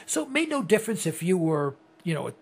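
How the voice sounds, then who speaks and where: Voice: medium pitch, sing-song, a little fast, gravelly, slightly rough. An older radio host in casual chat, making joking, emphatic asides.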